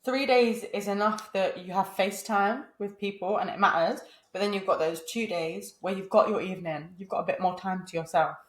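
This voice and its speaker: A woman's voice: medium pitch, normal speed, hardly any pauses, roomy sound. A young woman co-hosting a podcast, speaking frankly and bluntly in casual chat. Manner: frank, blunt, laughs easily. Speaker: podcast co-host.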